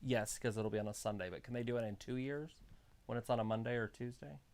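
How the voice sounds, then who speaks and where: A woman's voice: very deep voice, fast, darkish tone. A woman co-hosting a casual live watch-along, giving loose, jokey commentary on the show. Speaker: co-host.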